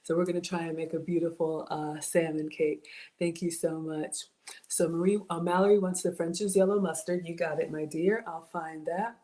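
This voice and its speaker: A woman's voice: lowish voice, steady tone, normal speed, mellow. A woman hosting a home cooking livestream from her kitchen, chatting casually, reading out viewer comments and thanking people by name, often saying y'all. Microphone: camera.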